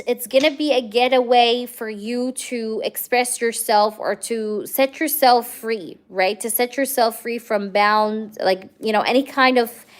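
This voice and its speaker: Young woman, tarot reader on a live stream, higher voice, chatty, reassuring, lots of fillers. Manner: chatty, reassuring, full of fillers and "okay?" checks.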